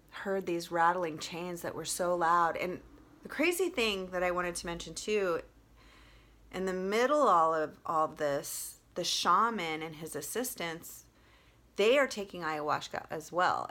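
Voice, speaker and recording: A woman vlogger telling a personal story in a casual, animated way, with lots of fillers and free swearing. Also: lowish voice, measured pace.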